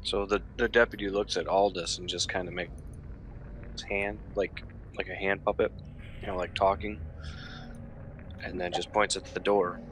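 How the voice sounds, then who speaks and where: A man playing a tabletop horror game, describing his character's actions in slow, drawn-out phrases. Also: low-pitched, level tone, fairly bright tone, a little hiss or hum. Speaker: player.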